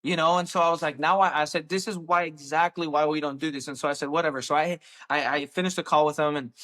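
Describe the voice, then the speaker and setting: A man's voice: a little high, quick pace. A young roofing business owner, a man telling stories in a casual interview, acting out quotes and saying "dude" and "like" often. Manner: animated, acts out quotes, says "dude" and "like" often.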